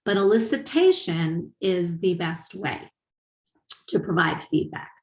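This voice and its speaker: A woman's voice: on the low side, animated, takes it slowly, darkish tone, echoey room, rough recording. A middle-aged woman presenting at a teaching conference, explaining ideas and asking her audience rhetorical questions. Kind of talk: webinar lecture.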